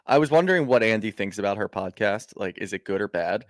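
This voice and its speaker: A man's voice: lowish voice, animated, fast talker, no room sound, clean studio sound. A man co-hosting a casual recap podcast, rambling, profane and exasperated. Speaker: podcast co-host.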